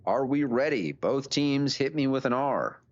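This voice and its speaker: A man hosting and casting a live online game tournament, chatty and relaxed, often restarting his words. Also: medium pitch, a little slow, highs cut off. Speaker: tournament host and caster. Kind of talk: live esports commentary.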